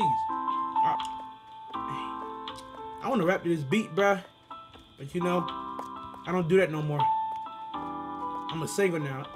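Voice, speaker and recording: A man giving excitable, slangy commentary on a horror game, talking straight to his viewers and reading out the game's lines. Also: high voice, unhurried, pauses often, loud music behind the voice. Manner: excitable, slangy, talks to viewers, reads game dialogue aloud. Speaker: gaming YouTuber.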